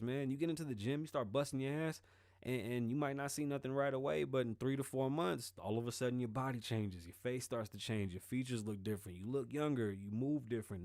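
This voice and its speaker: Man, podcast host, casual monologue, swears a lot, lively storyteller, mid-pitched voice, dry sound. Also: no echo. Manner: profane, animated storytelling.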